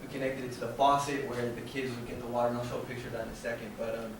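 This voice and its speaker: A young man giving a casual slideshow presentation as a student presenter, relaxed and rambling with lots of fillers and restarts, recorded in a very echoey room from a distant mic. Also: mid-range voice, rapid-fire, background noise. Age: young adult.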